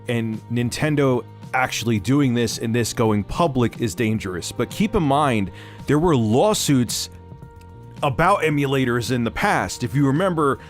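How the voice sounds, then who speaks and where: A man hosting tech commentary, ranting in a sarcastic, mocking way. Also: medium pitch. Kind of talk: opinionated commentary.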